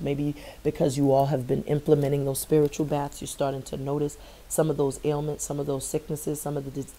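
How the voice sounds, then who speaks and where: A middle-aged woman with a low, mellow voice gives a spiritual tarot reading. She stays fairly level and unhurried in pitch, earnest and reassuring, and circles back to repeat key phrases for emphasis. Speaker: tarot reader.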